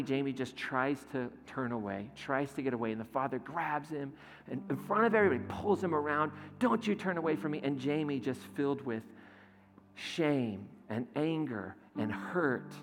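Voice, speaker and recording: A male pastor preaching a sermon in a church, retelling a scene in a lively, storytelling way. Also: medium pitch. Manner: animated storytelling, retelling a scene with quoted lines. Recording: echoey hall with faint music.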